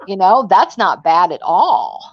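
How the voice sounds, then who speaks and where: A woman's voice: mid-range voice, very animated, unhurried, breathy edge, no room sound. Woman, casual chat host, chatty storyteller, acts out dialogue, dry and muffled sound.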